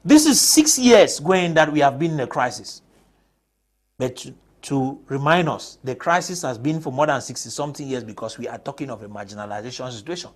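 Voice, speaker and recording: A man's voice: mid-range voice, lively intonation, a little fast. A man from Cameroon, speaking as a panelist on a TV discussion and pressing his case with rhetorical questions. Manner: emphatic, argues with rhetorical questions. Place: TV studio.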